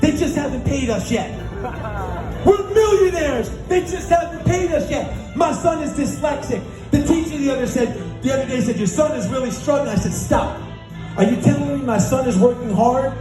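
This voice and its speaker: Male keynote speaker, very high voice, lively storytelling, echoey hall with music under it. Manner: energetic storytelling, acting out dialogue, chanting call-and-response. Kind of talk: motivational stage speech. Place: large conference hall on stage.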